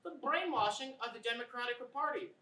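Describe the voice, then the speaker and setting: A woman's voice: on the high side, animated, quick pace, pushed and bright, slight background noise. A woman playing a brash, conspiratorial TV pundit who rants and hypes a scandal in a comedy sketch. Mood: ranting. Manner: bombastic, ranting, conspiratorial. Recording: roomy, distant mic.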